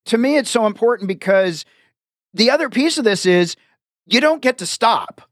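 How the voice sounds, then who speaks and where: A man's voice: high-pitched, animated, moderate pace, no room sound, clean studio sound. A man hosting an interview, affirming and reflective, restating his guest's points. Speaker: podcast host. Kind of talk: conversational interview.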